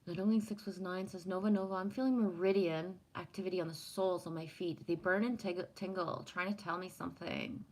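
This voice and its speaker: A woman from Canada with a slightly low voice, talking loosely and profanely to her livestream chat. She rambles from story to story and answers comments as she goes. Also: steady tone, brisk, few pauses, low-quality recording. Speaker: livestream host.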